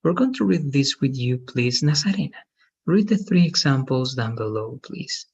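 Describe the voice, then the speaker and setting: A man leads an online English lesson, walking his students patiently through each step. His voice is husky, and the video call audio sounds dull and muffled. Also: medium pitch, very animated, normal speed, a little mellow. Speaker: English teacher. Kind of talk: online class instruction.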